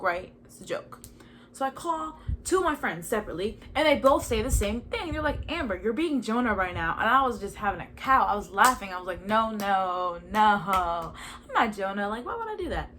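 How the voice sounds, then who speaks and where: A young woman at home telling a personal faith story in a chatty, animated way, full of "like" and asides. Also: mid-range voice, a little hiss or hum. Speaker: podcast host. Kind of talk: casual personal testimony. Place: at home in a chair indoors.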